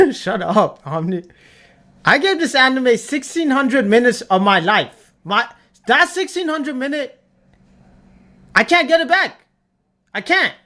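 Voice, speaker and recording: Animated young streamer ranting. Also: sits high. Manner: repetitive, emphatic, swears a lot. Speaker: livestreamer talking to chat. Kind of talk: ranting tier-list commentary.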